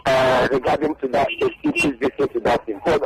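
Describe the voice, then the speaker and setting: A man's voice: mid-range voice, huge pitch swings, brisk, vocal fry, rough recording. A man, a journalist guest on a radio interview, making his points emphatically and repeating them. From Nigeria.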